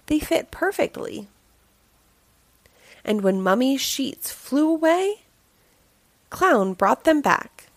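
A woman reads a picture book to young children, taking her time over each line. Her voice sits fairly high and rises and falls a great deal. The sound is close and dry, with no room echo. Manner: slow, expressive storytelling. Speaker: children's story reader. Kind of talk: reading a picture book aloud.

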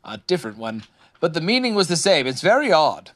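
A man voicing a fussy, self-important male rabbit in a storybook reading, talking in a bossy, brisk way. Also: fairly high pitch, big pitch swings, a bit bright, no echo, studio quality, voice pushed up.

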